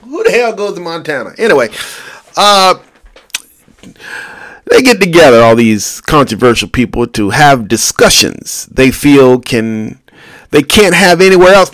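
A man's voice: a little high, animated, unhurried, a bit bright, no room sound. Man, casual rambling podcast host, crude jokes, talks to himself, dry close sound. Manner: rambling, jokey, crude asides, talks to himself while scrolling. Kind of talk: casual solo podcast monologue.

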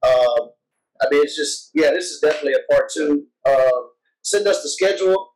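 A man's voice: on the high side, moderate pace, darkish tone, far from the mic, slight background noise, rough recording. Stumbling, upbeat podcast host man. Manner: restarts and stumbles, enthusiastic. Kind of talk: casual chat.

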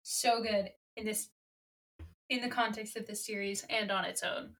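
A woman's voice: mid-range voice, steady tone, a little slow, fairly bright tone. Woman podcast co-host, casual, dry asides, mid-range voice. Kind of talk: casual chat.

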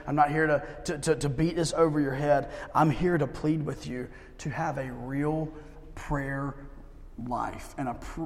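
A man in his thirties preaching a sermon to his church, casual and conversational, swinging from loud emphasis to hushed pleading. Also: fairly high pitch, gravelly, long reverb tail. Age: 30s. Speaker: pastor. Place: church service held in a gym.

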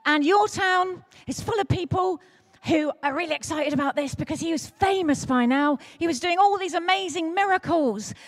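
A woman preaching at an all-age church service, telling a story in a playful, animated way and speaking directly to the children. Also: very high-pitched, moderate pace. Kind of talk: lively storytelling sermon for children and adults.

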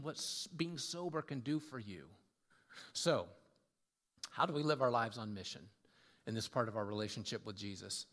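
A man's voice: fairly high pitch, a bit bright. A man preaching a sermon as pastor, conversational and full of rhetorical questions. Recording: long reverb of a large hall.

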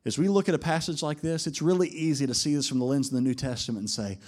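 A man preaching a sermon to his congregation in an animated way, climbing to emphatic peaks and slowing down for quoted lines. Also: fairly high pitch. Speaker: pastor.

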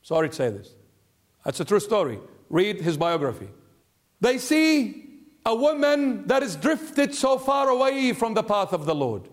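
A man preaching a sermon in church as a bishop, earnest and pleading, slowing down to stress his words. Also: high voice, sing-song. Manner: earnest, pleading, slows down for emphasis.

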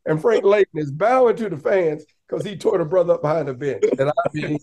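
A man talking casually as a podcast guest, telling lively stories and breaking into raised voices to act out what others said. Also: on the high side, a little fast. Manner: animated, laughing, acts out quotes in raised voice. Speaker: podcast guest, basketball coach. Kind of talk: casual storytelling.

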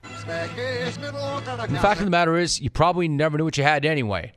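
A man's voice: a little high, lively intonation, moderate pace, over music. A middle-aged man hosting a sports talk radio show, delivering a sarcastic, mock-indignant rant.

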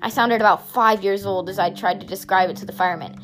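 A woman narrating a first-person story aloud in a steady, softly expressive reading. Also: medium pitch, fast, faint music behind.

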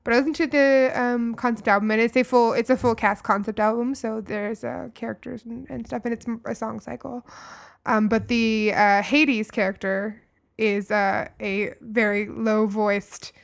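A woman's voice: a little high, steady tone, normal speed, gravelly. A woman co-hosting a casual music podcast, chatting with many ums and restarts. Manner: hesitant, lots of ums and restarts. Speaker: podcast co-host.

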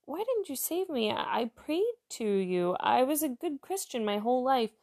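A man's voice: very high voice, big pitch swings, moderate pace, creaky, a little mellow, voice pushed up, exaggerated voice. A woman voicing a stubborn, devout man stranded at sea who keeps refusing rescue. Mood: aggrieved.

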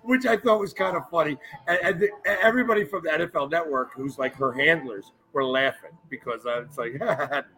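A man co-hosting a casual sports talk show, telling lively anecdotes and quoting people in a raised voice. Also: fairly high pitch, brisk, few pauses, rough recording. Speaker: podcast co-host. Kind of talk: casual chat, storytelling.

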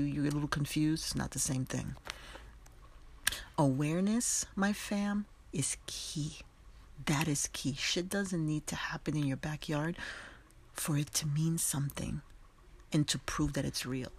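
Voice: medium pitch, vocal fry, a little hiss or hum. A podcast host giving a passionate, emphatic solo commentary. They speak straight to the listeners in a conversational way, with asides and laughter.

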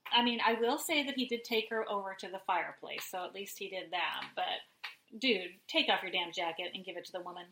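A woman co-hosting a casual recap chat, opinionated and quick to tease. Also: mid-range voice, background noise. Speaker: podcast co-host.

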